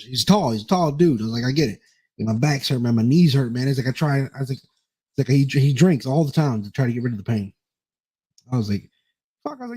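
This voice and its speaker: A man's voice: mid-range voice, lively intonation, fast talker, dark tone, slightly rough. A man co-hosting a podcast, telling a story in a rambling way and repeating himself. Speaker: podcast co-host. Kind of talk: casual storytelling chat.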